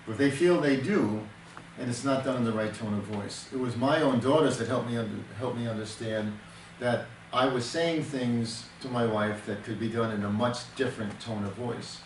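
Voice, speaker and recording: An older man counseling and teaching in earnest, mid-pitched, leaning on homely examples and stopping to restart his thoughts. He sits back from the mic in a roomy, echoing space with a faint hiss underneath. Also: normal speed. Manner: earnest, explains with everyday examples and many restarts. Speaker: temperament counselor. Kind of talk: teaching talk in a counseling session. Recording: echoey room, distant mic, faint noise.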